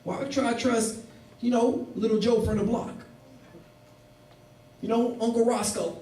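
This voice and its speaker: A man preaching a sermon as pastor, animated and acting out the people in his stories. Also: very high voice, a little slow. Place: church. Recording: echoey room, mic at a distance.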